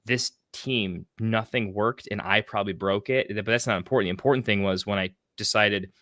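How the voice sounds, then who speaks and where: Rambling, excitable man in casual chat. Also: on the low side, normal speed, no room sound, clean studio sound. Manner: rambling, excitable, trails off into restarts; swears casually. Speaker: fantasy football podcast co-host.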